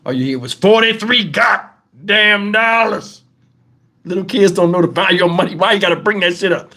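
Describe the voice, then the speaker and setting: A man hosting his channel, telling profane stories to viewers in a casual, animated way and breaking into laughter. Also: high voice, very fast. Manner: talks straight to the audience with questions. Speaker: channel host telling stories to a live chat.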